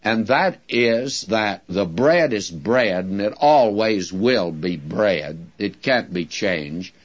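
Slow, deliberate old-time radio preacher. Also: male voice, lowish voice, lively intonation, muffled recording. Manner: slow, deliberate, folksy preaching with drawn-out emphasis. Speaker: Bible teacher. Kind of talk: radio Bible-study sermon.

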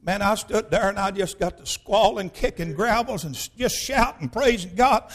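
High-voiced preacher telling stories. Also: male voice, moderate pace. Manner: folksy, emphatic, bursts into shouting. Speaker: pastor. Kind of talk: storytelling sermon.

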